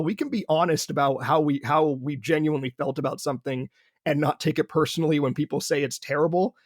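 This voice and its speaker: A man's voice: on the high side, quick pace, dry recording, clean studio sound. A man talking as a guest on a podcast, rambling and enthusiastic, with many restarts. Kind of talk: casual podcast chat.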